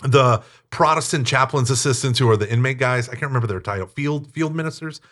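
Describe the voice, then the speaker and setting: A man being interviewed, telling stories in a talkative, animated way and acting out quoted speech. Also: medium pitch, fairly quick. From United States. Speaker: interview guest, Catholic teacher. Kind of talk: casual storytelling interview.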